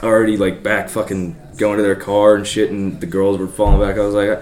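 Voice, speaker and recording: A man's voice: lowish voice, flat delivery, brisk, a little mellow. A young man telling a rambling story in casual chat, swearing heavily and laughing often. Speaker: podcast co-host telling a story. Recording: roomy echo.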